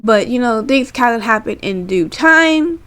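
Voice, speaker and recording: On a low-quality recording, a woman speaks a little slowly in a fairly high, expressive, fairly bright voice. She's casually recapping a wrestling show, rambling and peppering her talk with "like" and "right?".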